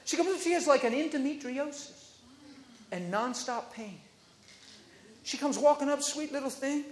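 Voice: sits high, moderate pace, echoey room, in a large hall, slight background noise. A preacher telling a healing testimony in a storytelling sermon, acting out the people in the story. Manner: animated storytelling that acts out the people quoted.

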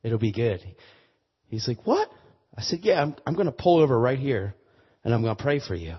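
Husky man preaching a testimony sermon. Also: medium pitch, very animated, moderate pace, long reverb tail. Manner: repeats words, builds to loud emphatic preaching. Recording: muffled lo-fi sermon recording.

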